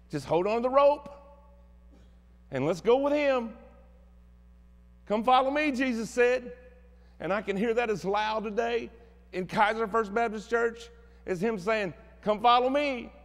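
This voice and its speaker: Folksy high-voiced Southern preacher in a church. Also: male voice, big-room sound. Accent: Southern American. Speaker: pastor. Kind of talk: sermon. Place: church sanctuary.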